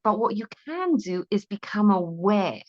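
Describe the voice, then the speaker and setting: A woman's voice: medium pitch, sing-song, unhurried, muffled recording. A woman guest in an interview, giving parenting advice in an earnest, conversational way, often checking in with "right?" and restarting her sentences.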